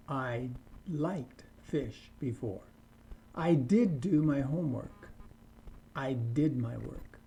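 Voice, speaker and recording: Slow, dark-voiced male English teacher. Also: medium pitch. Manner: slow and deliberate, models example sentences. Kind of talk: slow scripted grammar lesson.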